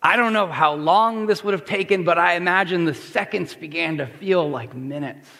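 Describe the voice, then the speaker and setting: A man preaching a sermon as pastor, swinging from hushed, quiet lines to loud shouted ones. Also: high-pitched, moderate pace, vocal fry, hardly any pauses, in a large hall.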